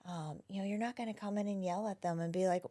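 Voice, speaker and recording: A woman who is a wellness practitioner, talking gently and reflectively as an interview guest, often dropping to a soft near-whisper. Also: medium pitch, steady tone, fast talker. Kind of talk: casual interview conversation.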